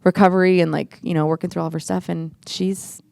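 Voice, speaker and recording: This woman's voice sits on the low side, dark and fast with vocal fry and a flat delivery, recorded cleanly in a studio with no echo. She's a church podcast guest relating her testimony in casual conversation, earnest and emotional, acting out quoted voices and at times close to crying.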